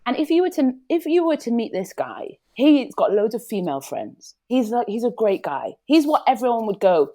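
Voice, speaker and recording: A woman's voice: fairly high pitch, big pitch swings, normal speed, few pauses, mellow. A woman, a podcast guest telling a personal story in a frank, emphatic way. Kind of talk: candid podcast conversation.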